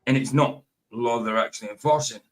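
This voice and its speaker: A man hosting a casual talk stream, relaxed and agreeable, with many short replies. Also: mid-range voice, a little fast. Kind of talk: casual chat.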